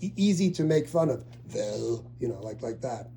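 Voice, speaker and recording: Rambling middle-aged man, soft-toned. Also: medium pitch, very animated, normal speed, vocal fry, slight background noise. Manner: rambling, with many restarts and fillers. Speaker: family member asking about a relative. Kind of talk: casual family conversation.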